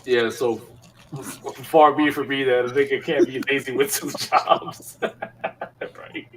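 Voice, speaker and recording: A man at mid pitch spins a story from his job, loose and laughing, piling on fillers and slang. He sits a little back from the mic, so his voice sounds somewhat distant. The chat is casual and unscripted. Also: steady tone, unhurried, fairly bright tone, slight background noise. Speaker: podcast co-host.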